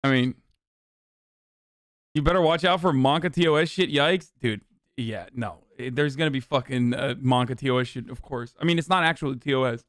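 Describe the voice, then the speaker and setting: A man's voice: mid-range voice, brisk, fairly bright tone, dry recording, studio quality. A young man streaming, giving profane and sarcastic commentary on a radio clip he is reacting to. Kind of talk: casual livestream commentary.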